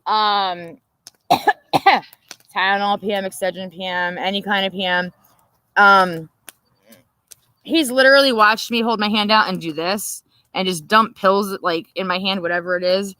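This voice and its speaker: A woman's voice: medium pitch, fairly bright tone, no room sound, poor audio. A woman hosting a livestream, rambling, profane and laughing as she chats. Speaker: livestream host. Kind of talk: casual late-night chat.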